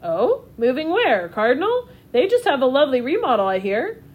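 Give me a woman doing a warm, gentle middle-aged father in a storybook. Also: sits high, wildly swooping pitch, moderate pace, slightly rough, dull audio, heavily acted. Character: kindly middle-aged father, umbrella maker.

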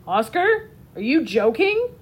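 A woman reading a storybook, voicing a gentle, kind-hearted middle-aged father who makes umbrellas. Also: sits high, very animated, slow, pitched above the performer's own voice, exaggerated voice. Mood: surprised.

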